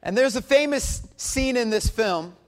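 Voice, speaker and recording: A man in his forties preaching a sermon as a pastor, telling a story with animated swings from loud to hushed. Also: very high voice, measured pace.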